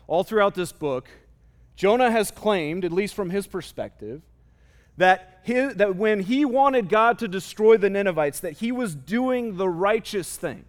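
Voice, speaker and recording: A man's voice: high voice, lively intonation, measured pace. A man preaching a sermon, explaining a scripture passage in plain terms and asking his listeners rhetorical questions. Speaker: pastor.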